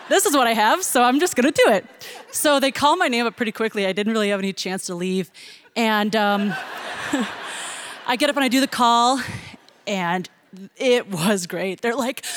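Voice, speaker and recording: With a fairly high-pitched voice, a young woman entertains an audience with a humorous personal story. She's lively and laughs, imitating people's excited voices.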